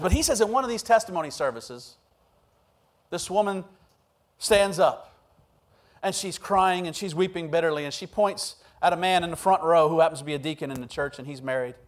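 A man with a high-pitched voice delivers a sermon. He tells funny stories and acts out quotes in an animated way before turning serious. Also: moderate pace, long pauses. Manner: humorous, animated preaching with acted quotes. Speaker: pastor.

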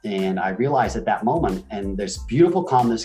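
A man in his forties, a guest telling stories in an emphatic, animated way. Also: on the low side, moderate pace, hardly any pauses, faint music behind. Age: 40s. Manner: animated, emphatic storytelling with swings in energy. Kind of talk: motivational interview talk.

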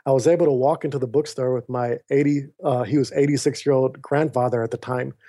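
A man's voice: mid-range voice, quick pace. A man, a podcast guest, telling a personal story in conversation. He acts out the voices of others in his dialogue and often turns to the host by name. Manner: animated storyteller who acts out quoted dialogue; often addresses the host by name mid-sentence. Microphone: remote call.

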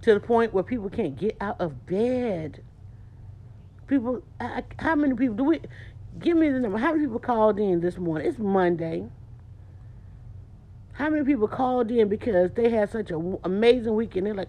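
A woman's voice: medium pitch, animated, a little fast, darkish tone. Emphatic woman talking casually. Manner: emphatic, repetitive preaching tone; informal, slangy talk. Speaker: small business owner. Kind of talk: casual monologue.

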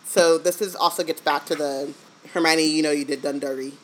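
A woman's voice: deep voice, fairly even intonation, fairly quick, a little hiss or hum, low-quality recording. A woman co-hosting a podcast in a casual, playful chat, joking and laughing often. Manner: playful, laughs a lot, jokes. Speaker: podcast co-host.

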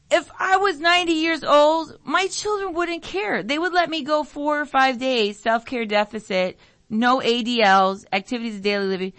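Animated, sniffly middle-aged woman radio host. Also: no echo. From United States. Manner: animated storytelling, mimics family voices, jumps pitch for emphasis. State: sniffling from allergies. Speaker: radio show host, nurse. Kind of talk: casual rambling talk radio monologue.

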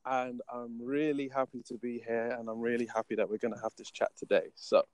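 A man's voice: mid-range voice, flat delivery, brisk, no room sound. A British man talking casually as a podcast guest, laughing often and restarting his sentences. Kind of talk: casual conversation.

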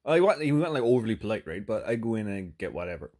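A man with a fairly low voice tells a story on his podcast in a loose, rambling way. He swears freely and leans on fillers as he goes. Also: sing-song, fast, darkish tone. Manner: rambling, profane, lots of fillers. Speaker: podcast host. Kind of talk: casual comedic storytelling.

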